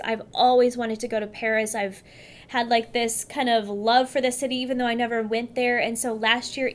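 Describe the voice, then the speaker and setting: Friendly woman from California, casual to-camera vlog chat, a touch high-pitched. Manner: chatty, upbeat, addresses viewers directly. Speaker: beauty vlogger.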